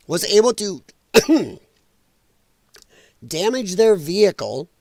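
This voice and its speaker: A high-pitched man, recorded without room sound, hosts a casual political commentary livestream. His manner is blunt and exasperated, and an irritated throat keeps him coughing and apologizing.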